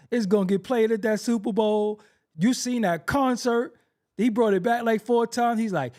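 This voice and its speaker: A man's voice: high-pitched, normal speed, a little mellow. A man hosting a hip-hop commentary show, ranting brashly with profanity and frequent laughter. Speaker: host.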